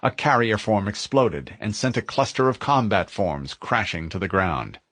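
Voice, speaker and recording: A man narrating a military science-fiction audiobook in a vivid, expressive storytelling manner. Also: fairly low pitch, moderate pace, no room sound, clean studio sound.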